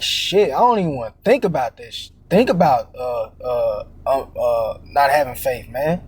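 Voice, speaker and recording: A man's voice: on the high side, a little mellow, husky. A man giving an informal, profane street-style sermon, tagging lines with "man" and "all right?", stammering and repeating words as he searches for what to say. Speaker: preacher.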